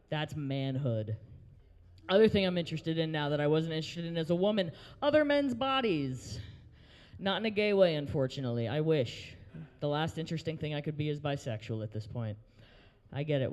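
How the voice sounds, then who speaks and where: A man's voice: on the high side, a little mellow, clear, resonant tone, in a large hall. A young man hosting an open mic, doing a crude stand-up set and working the crowd in a brewery. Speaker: open mic host and comedian. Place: brewery taproom, live audience.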